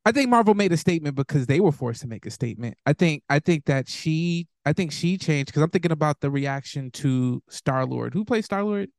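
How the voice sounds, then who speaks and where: A man's voice: fairly high pitch, expressive, a little fast, vocal fry, hardly any pauses, no echo, clean studio sound. A man co-hosting a podcast in casual chat, easygoing and hesitant, with lots of fillers. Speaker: podcast co-host.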